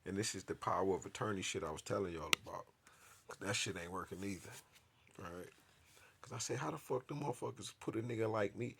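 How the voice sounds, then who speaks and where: A man streaming, telling a profane story and getting animated and loud when worked up. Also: on the low side, a little fast, creaky, a little hiss or hum. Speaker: streamer reacting to a video.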